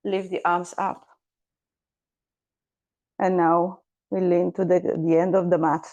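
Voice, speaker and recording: A woman yoga teacher leads a gentle class at a slow, unhurried pace. Her voice sits a little low, and she calls out breaths and poses with patient calm. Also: muffled recording.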